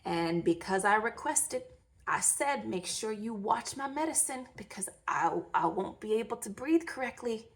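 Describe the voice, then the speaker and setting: A woman's voice: on the high side, expressive, moderate pace. A woman in her thirties telling her story in a storytime vlog, candid, emotional and blunt, with mild swearing. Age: 30s. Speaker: vlogger.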